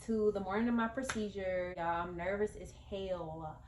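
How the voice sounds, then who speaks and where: A woman's voice: medium pitch, normal speed, darkish tone. Woman vlogger with a casual rambling storytime delivery, recorded in a roomy space with faint background hiss. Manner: chatty and rambling, speaks straight to viewers, many fillers.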